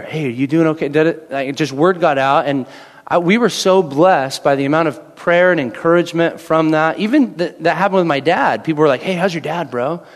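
Man in his thirties, pastor, fairly high voice, casual sermon, long church reverb. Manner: conversational, repeats phrases, acts out quoted voices.

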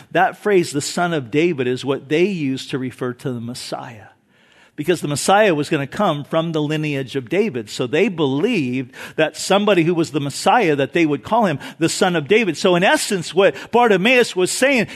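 A male pastor preaching a sermon, lively and animated, acting out voices in the story he tells. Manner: animated preaching, shifts pitch and loudness for emphasis; acts out crowd voices in quotes.

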